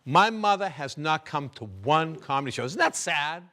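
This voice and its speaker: Middle-aged guy doing standup, high bright voice, swings all over, chats up the crowd. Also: lively intonation, normal speed. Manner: chatty, teasing the crowd. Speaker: stand-up comedian. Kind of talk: stand-up comedy set. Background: audience laughter.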